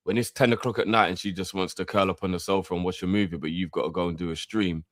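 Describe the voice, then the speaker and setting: A man co-hosting a casual football chat, speaking in relaxed street slang. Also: deep voice, fast, no room sound, studio quality. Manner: laid-back slang, animated when mocking critics. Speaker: co-host of a football channel.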